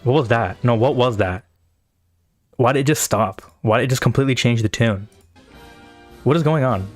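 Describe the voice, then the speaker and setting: A male streamer from South Asia talks through his reactions live in a loose, rambling way, swearing freely as he thinks out loud. His voice sits in an ordinary middle pitch, and faint music plays underneath him. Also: normal speed. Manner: casual, rambling and profane, thinking aloud. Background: faint anthem music playing.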